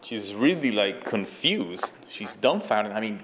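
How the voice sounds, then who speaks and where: A man's voice: on the low side, very animated, measured pace, few pauses, fairly bright tone, a little hiss or hum. A man doing sardonic commentary over a video clip, loose and chuckling.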